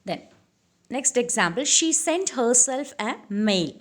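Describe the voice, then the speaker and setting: A woman teaching English grammar, who fills her explanations with "uh" and restarts and repeats each example slowly. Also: on the high side, sing-song. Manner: many "uh" fillers and self-corrections, repeats the examples slowly.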